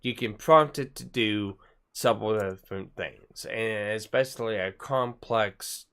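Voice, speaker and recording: A man's voice: on the low side, measured pace, fairly bright tone, clean tone. A man streaming live, chatting casually and rambling with frequent stammered restarts and the odd swear. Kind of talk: casual livestream chat.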